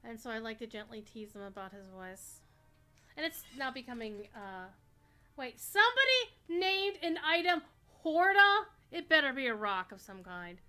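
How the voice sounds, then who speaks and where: A woman livestreaming a game, chatting in a rambling way with sudden excited outbursts. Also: medium pitch, moderate pace, faint music behind. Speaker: livestreaming gamer. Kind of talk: casual chat while playing a game.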